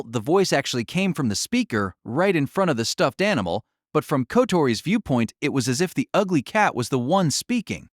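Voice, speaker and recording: Expressive male audiobook narrator. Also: a little high, no echo, clean studio sound.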